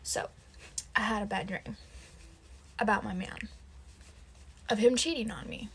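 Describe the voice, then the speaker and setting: A woman's voice: medium pitch, a little slow, creaky, husky. A young woman telling a casual story time, dramatic and mock-serious. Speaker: vlogger.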